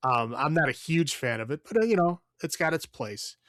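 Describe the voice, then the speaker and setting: A podcast co-host with a slightly high, fairly bright, sing-song voice speaks fairly quickly in a clean studio setting with no echo. His casual movie review chat is blunt, profane, and rambling, loaded with fillers.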